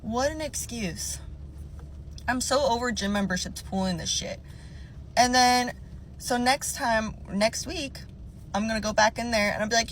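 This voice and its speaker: A woman rants from her car, exasperated and swearing as she mocks the staff's excuses. Her voice sits a little high. A faint hum runs underneath. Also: unhurried, pauses often. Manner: exasperated, profane, quotes staff mockingly. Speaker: gym member venting. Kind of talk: casual rant.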